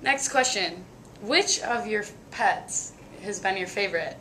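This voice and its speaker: Young woman host, bright voice, jokey and quick with comebacks. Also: medium pitch, lively intonation, a little hiss or hum. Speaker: host of a college sports webcast. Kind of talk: playful host interview.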